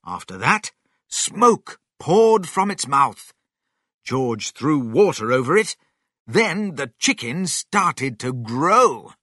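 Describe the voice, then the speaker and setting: A reader narrating a children's story slowly and expressively. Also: medium pitch, breathy edge, no echo, studio quality. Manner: slow, expressive, sing-song.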